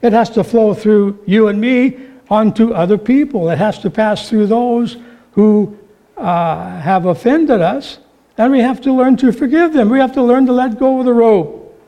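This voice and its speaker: A man preaching a sermon, telling stories with animated delivery and acting out the voices in them. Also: extremely high pitch, unhurried. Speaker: pastor.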